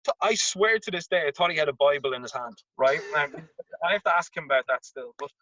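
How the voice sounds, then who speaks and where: A man, a tennis coach telling an animated anecdote as an interview guest and acting out the voices in it. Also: a little high, fast talker, dry recording. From Ireland. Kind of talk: casual storytelling. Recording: dull lo-fi remote audio.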